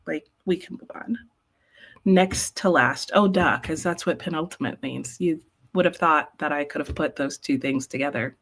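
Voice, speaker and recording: A woman's voice: deep voice, moderate pace, fairly bright tone. Chatty, sleepy woman streamer. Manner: chatty and rambling, talks to viewers in chat. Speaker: host of live reading sprints. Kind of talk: casual livestream chat.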